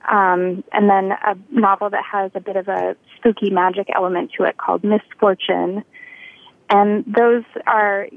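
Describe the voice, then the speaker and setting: A woman author answering interview questions in a friendly, measured way. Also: medium pitch, no room sound. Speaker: author guest. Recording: tinny phone line.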